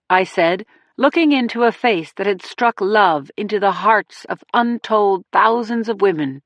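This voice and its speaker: A woman's voice: medium pitch, animated, unhurried, no echo, muffled recording. Woman reading a crime thriller audiobook. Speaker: audiobook narrator. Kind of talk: first-person audiobook narration.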